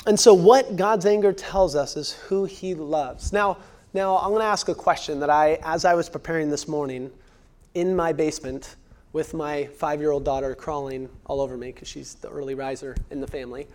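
A man in his thirties, a pastor delivering a sermon, earnest and repeating key phrases for emphasis, sometimes dropping to a hushed near-whisper. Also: on the high side, steady tone, moderate pace.

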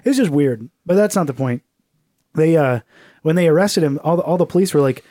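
Dude rambling in casual podcast chat, lots of swearing and likes, mellow voice, dry close sound. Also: male voice, fairly high pitch, animated, brisk, dry recording. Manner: loose and profane, full of fillers, slips into mocking voices. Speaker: podcast co-host.

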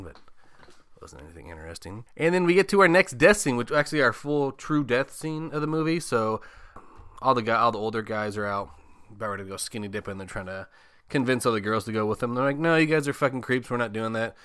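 A man with a fairly low, bright, forceful voice recaps a film in a loose, joking way. He swears often and slips into quick bits of the characters' lines. The sound is dry and close. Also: no room sound. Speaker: podcast host. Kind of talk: casual movie recap.

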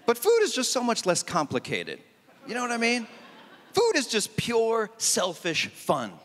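A man doing a stand-up comedy set on a festival stage, animated and punchy with mock exasperation. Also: very high voice, a little slow, in a large hall.

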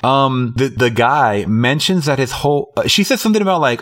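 A man's voice: mid-range voice, lively intonation, normal speed. Casual swearing podcast guy recapping a film. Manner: recaps plot loosely, swears, laughs often. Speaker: podcast co-host. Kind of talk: casual movie review chat.

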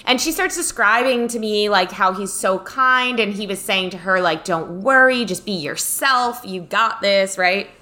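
A woman's voice: medium pitch, a little slow, hardly any pauses. A woman co-hosting a podcast, telling a story in casual chat and acting out the people she quotes. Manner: animated storyteller, acts out quoted voices. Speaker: podcast co-host.

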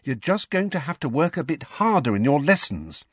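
A clever, bossy teenage schoolgirl with a sharp, insistent way of talking, put on by a man reading a storybook aloud. The voice sits well above his own and swings a lot in pitch. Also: sing-song, normal speed, husky, no room sound, studio quality.

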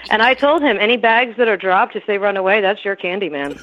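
A person chatting in a relaxed, rambling way with fillers, as a guest on a casual talk show. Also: mid-range voice, brisk. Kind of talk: casual chat. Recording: dull lo-fi sound.

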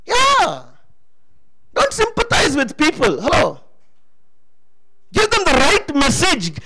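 A man with a strikingly high, bright voice preaches with emphatic energy, his pitch swinging widely as he keeps calling on the congregation to answer him. A gravelly edge runs under his words. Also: a little hiss or hum, rough recording. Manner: emphatic, calls out to the congregation for responses. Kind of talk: sermon testimony.

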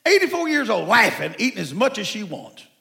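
Gravelly old preacher man from Mexico. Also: high voice, a little fast. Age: 70s. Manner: folksy, animated storytelling with bursts of shouting. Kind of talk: sermon.

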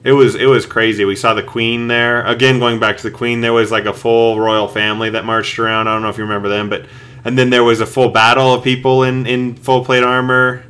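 A man's voice: mid-range voice, little pitch movement, fairly quick, a bit bright. A man co-hosting a podcast, chatting casually and rambling, searching for words with lots of fillers. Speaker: podcast co-host. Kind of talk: casual chat.

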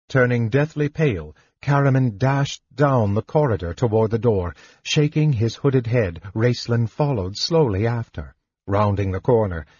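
A man reading a fantasy novel aloud in slow, measured narration. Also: mid-range voice, darkish tone, husky, dry recording. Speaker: audiobook narrator. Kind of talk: scripted narration. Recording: dull lo-fi recording.

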